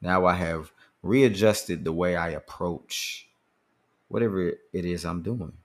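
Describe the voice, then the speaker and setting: A man's voice: sits low, slow. A man hosting a podcast, talking earnestly and casually about handling anger, often repeating words as he thinks. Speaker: podcast host. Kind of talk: casual motivational talk.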